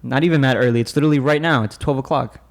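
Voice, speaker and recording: Rapid-fire teasing New guy. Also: medium pitch, crowd noise. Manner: teasing, argumentative, profane. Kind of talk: casual chat with friends.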